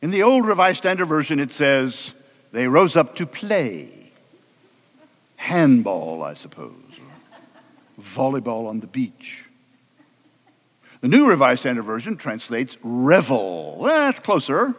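Animated, joking male preacher. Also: medium pitch, a little slow, long reverb tail. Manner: animated, humorous, conversational. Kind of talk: storytelling sermon.

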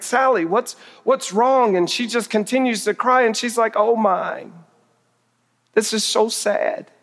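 Preacher telling stories in a big echoing hall. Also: male voice, a little high, fairly bright tone. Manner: humorous, self-deprecating storytelling. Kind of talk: storytelling sermon. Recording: reverberant hall.

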